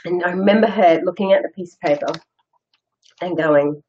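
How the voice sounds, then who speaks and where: A woman's voice: fairly low pitch, normal speed, breathy edge, dull audio. A middle-aged woman hosting a casual live chat, answering viewer comments in a candid, self-deprecating way and laughing often. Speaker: host.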